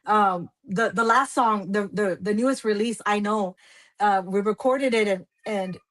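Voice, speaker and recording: A woman's voice: medium pitch, unhurried, a bit bright. A woman singer from Texas, talking in a casual radio interview in an effusive, emotional, self-deprecating way. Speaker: guest singer.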